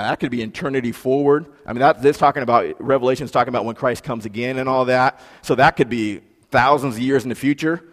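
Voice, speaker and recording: A man preaching a sermon in a relaxed, conversational way, with fillers and emphatic repetition. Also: mid-range voice. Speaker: pastor. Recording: long hall reverb.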